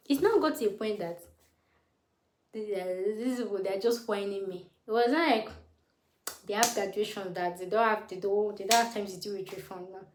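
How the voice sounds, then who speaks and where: A woman in her late twenties with a Nigerian English accent, retelling a story with animated, indignant emphasis and acted quotes. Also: fairly high pitch, moderate pace, reverberant. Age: 20s. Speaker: vlogger. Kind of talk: storytelling to camera.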